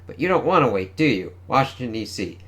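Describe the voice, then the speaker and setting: A man's voice: medium pitch, sing-song, brisk, a bit bright. A smug male villain who boasts about his grand scheme in a glib, bored tone, read aloud by a man reviewing a comic. He sits in the middle of a man's range. The tone is casual, without much acting.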